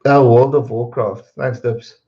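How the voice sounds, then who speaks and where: A man hosting a livestream, casually chatting and answering viewers' questions with a rambling, relaxed manner. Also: mid-range voice, unhurried, roomy sound, dull audio. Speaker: livestream host.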